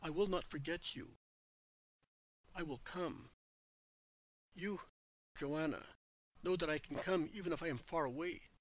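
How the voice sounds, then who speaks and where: A man voicing a gentle spiritual teacher in a storybook reading, speaking calmly and measuredly. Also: a little high, measured pace, long pauses, rough recording. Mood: tender.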